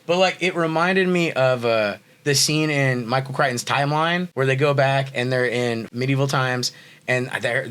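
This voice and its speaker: A man co-hosting a casual movie review chat, talking in animated bursts with swearing and laughs. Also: medium pitch. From Texas. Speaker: podcast co-host.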